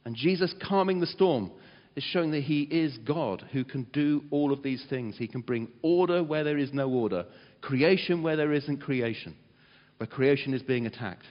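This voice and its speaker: Male preacher, animated storyteller, muffled recording with long hall reverb. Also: medium pitch, normal speed. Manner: animated storyteller, dramatizes quotes loudly. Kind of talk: sermon.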